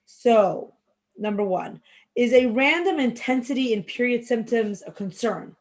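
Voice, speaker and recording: A woman's voice: on the high side, expressive, unhurried, poor audio. A woman moderating an online class, reading audience questions aloud in a chatty way. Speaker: event moderator.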